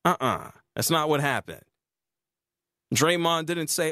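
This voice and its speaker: A man's voice: measured pace, no room sound, clean studio sound. A man hosting a sports talk radio show, arguing his point with emphasis. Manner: emphatic, argumentative, lively pitch swings.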